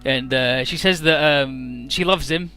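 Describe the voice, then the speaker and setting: Man, casual game recap, swearing, bright voice, faint music. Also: mid-range voice, a little slow, smooth. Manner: casual, profane, filler-heavy. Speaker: game commentator. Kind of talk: casual let's play recap.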